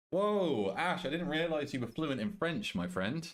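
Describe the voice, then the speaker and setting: A young British man streaming a game, chatting casually with his viewers, joking, swearing and thinking out loud. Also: a little high. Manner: banters with chat, swears casually, thinks aloud. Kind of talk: casual live-stream chat.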